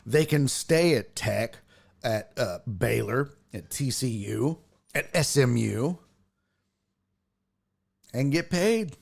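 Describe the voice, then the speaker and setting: A man hosting a casual live-streamed sports talk show from Texas, reading viewer comments aloud and teasing rival fans in a loose, animated way. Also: mid-range voice, slow pace, creaky, pauses often.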